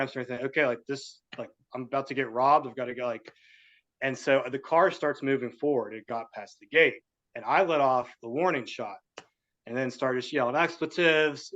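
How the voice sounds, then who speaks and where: A man from West Virginia tells his story as a podcast guest, mid-pitched and lively, slipping into the voices of the people he quotes. His audio sounds dull and lo-fi. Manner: animated storyteller acting out quotes. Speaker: guest, cannabis grower. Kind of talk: casual storytelling.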